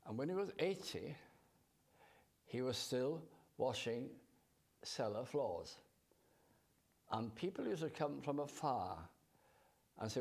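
A man preaching a sermon in a slow, measured way, drawing out his scripture quotes. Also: mid-range voice, sing-song, vocal fry, darkish tone.

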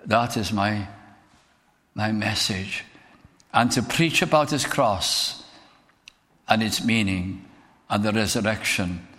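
A man's voice: on the low side, slow, long pauses, fairly bright tone. Earnest male preacher in a reverberant hall. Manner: earnest, rising to emphatic declamation. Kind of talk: sermon.

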